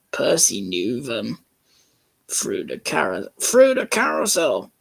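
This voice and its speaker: A man reads a script aloud slowly for laughs, with a gravelly edge and a lively, bouncing pitch. He jokes around and trips over words as he goes. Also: no room sound. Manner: jokey, laughs at his own reading, stumbles over words. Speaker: fan channel host reading a script. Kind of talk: casual comedic reading.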